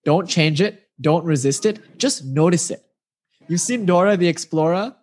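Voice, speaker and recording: Patient man coaching meditation, slightly high voice. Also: normal speed. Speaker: meditation teacher. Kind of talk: casual spiritual coaching on a video call.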